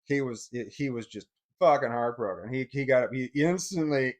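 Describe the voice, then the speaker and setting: A middle-aged man telling a personal story in a blunt, heavily profane way, swinging between anger and quiet bitterness. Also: mid-range voice, normal speed.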